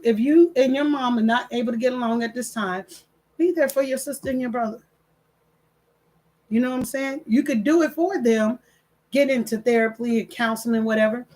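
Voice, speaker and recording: An older woman, hosting her channel in casual chat, reading comments and telling animated stories with quoted voices. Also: on the high side. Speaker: channel host.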